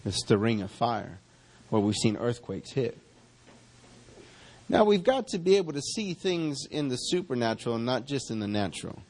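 Gravelly, husky pastor preaching. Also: male voice, medium pitch, big pitch swings, a little mellow. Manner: fervent preaching, drawn-out calls of hallelujah. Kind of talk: sermon and prayer. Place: church sanctuary.

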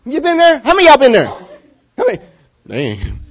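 A man preaching a sermon as a pastor, animated and often laughing, swinging from loud calls to quiet, hushed passages. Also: extremely high pitch, moderate pace. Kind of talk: lively sermon.

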